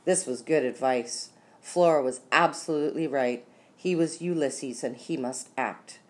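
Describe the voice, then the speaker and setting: Low-voiced woman reading a children's story. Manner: expressive, lively storytelling with slowed dramatic beats. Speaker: audiobook narrator. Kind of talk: scripted narration.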